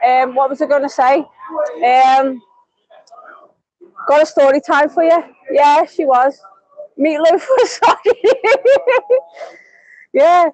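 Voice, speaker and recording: A woman's voice: high voice, a little mellow, no echo, rough recording. A woman chatting on a live stream. She rambles with lots of fillers and restarts. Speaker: vlogger. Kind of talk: casual live-stream chat.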